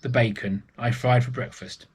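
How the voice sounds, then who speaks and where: A man voicing a bossy female giantess in a children's storybook reading, brisk and scolding. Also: medium pitch, fairly even intonation, husky, natural voice.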